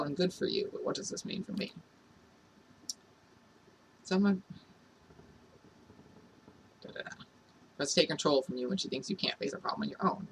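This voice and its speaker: Gravelly-voiced man reading game dialogue. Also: a little high, a bit bright. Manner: reads every character's lines himself. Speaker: let's play narrator. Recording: distant mic, noisy room.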